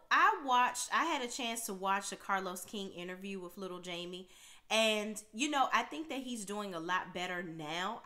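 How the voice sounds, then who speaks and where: Bright, chatty woman recapping reality TV. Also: mid-range voice. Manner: talkative, punctuates points with "okay?". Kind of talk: casual chatty commentary.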